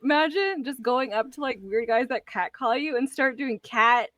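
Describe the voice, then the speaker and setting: A woman's voice: sits high, normal speed, no echo. A woman co-hosting a casual chat podcast, laughing often and telling stories with plenty of swearing. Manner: laughing, profane, animated storytelling. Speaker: podcast co-host.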